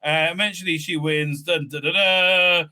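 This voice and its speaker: In a casual recap of an episode, a man acting as host is sardonic and mocking, wandering through his points with many fillers and restarts. His voice is fairly high, steady, and sharp, and he talks at a normal speed.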